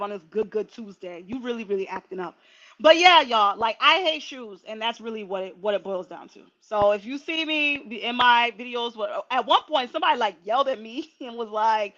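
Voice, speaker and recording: A woman hosting a casual livestream, chatty and animated, talking straight to her viewers. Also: fairly high pitch, highs cut off. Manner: chatty, animated, laughing asides. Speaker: livestream host.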